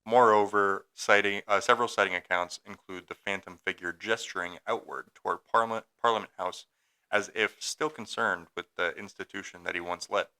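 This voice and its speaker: A young man with a deep, clear, resonant voice reads a haunted-hotel story for a casual podcast. He stumbles over his notes at times but keeps the narration going. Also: steady tone, brisk, sharp tone. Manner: reads a script with stumbles, then jokes and laughs. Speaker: podcast co-host telling a ghost story.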